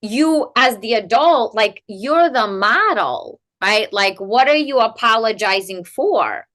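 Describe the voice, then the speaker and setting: A woman guest expert explaining in a conversational interview, animated and peppered with "like" and "right?" tags. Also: fairly high pitch, slow. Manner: animated, rhetorical "right?" tags, many "like" fillers. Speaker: guest expert in family coaching.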